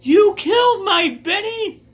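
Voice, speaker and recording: A man voicing a grieving, furious old woman in a shrill, wailing voice. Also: animated, slow pace, full character voice. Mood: wailing fury.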